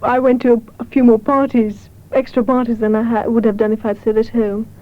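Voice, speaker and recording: Woman, 20s, fairly high but monotone, matter-of-fact; thin 1970s broadcast. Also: a little fast. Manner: even, matter-of-fact, light laughs. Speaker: interviewee. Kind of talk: casual personal account. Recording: thin phone-like 1970s radio recording.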